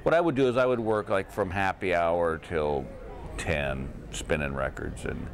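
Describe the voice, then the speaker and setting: In a hotel room, a middle-aged Texan comedian tells stories during a casual interview, laughing through them. His voice is deep and creaky, his pace measured, and his manner animated.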